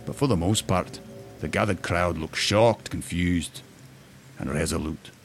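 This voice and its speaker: A man narrating a fantasy story in a measured, expressive storytelling manner. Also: low voice, vocal fry, soft background music. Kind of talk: audiobook-style fantasy story reading.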